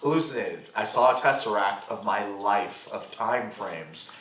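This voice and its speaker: A man's voice: lowish voice, unhurried, recorded from a distance. Young man telling a wild story, roomy mic. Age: young adult. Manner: animated, swears freely, acts out quotes. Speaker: podcast guest. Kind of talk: casual storytelling.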